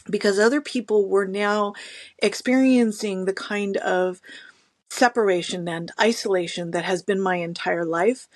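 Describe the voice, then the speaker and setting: A middle-aged woman guest tells her stories in a casual, animated way. She often acts out the people she quotes. Her voice sits in a mid pitch and is recorded close and dry, with no room sound. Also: no echo. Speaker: podcast guest. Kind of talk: casual conversational interview.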